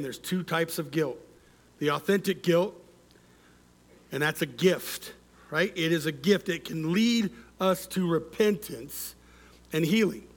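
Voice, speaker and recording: Slow, high-voiced preaching pastor. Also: male voice. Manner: call-and-response with congregation; drops to soft, quiet phrase endings. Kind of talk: sermon.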